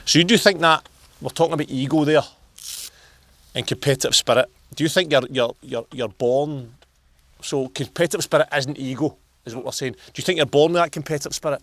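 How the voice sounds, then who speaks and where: A man's voice: fairly high pitch, a little fast, fairly bright tone, no room sound. A man hosting a casual chat, mostly short agreements and probing questions. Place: golf course outdoors.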